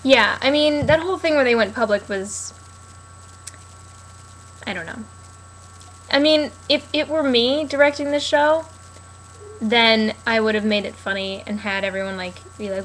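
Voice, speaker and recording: A woman's voice: fairly high pitch, moderate pace, pauses often, fairly bright tone, a little hiss or hum, low-quality recording. Chatty, sarcastic young woman vlogger. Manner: chatty, sarcastic, many fillers. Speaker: TV recap vlogger. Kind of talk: casual rambling commentary.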